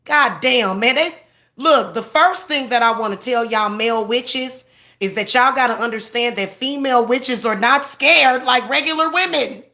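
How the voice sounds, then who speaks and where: A woman's voice: a little high, moderate pace, sharp tone. A woman in her forties delivering a profane, confrontational, boastful rant straight to camera. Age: 40s. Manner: boastful, defiant. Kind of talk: ranting monologue to camera.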